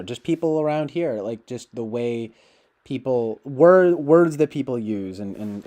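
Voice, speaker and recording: A man with a mid-range, dark-toned voice chats casually with his livestream viewers. He rambles, using lots of fillers and restarting his sentences often.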